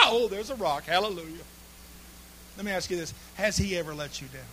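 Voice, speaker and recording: A man preaching a humorous sermon, telling folksy stories with sudden bursts of shouting and laughter. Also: high-pitched, a little fast, background noise.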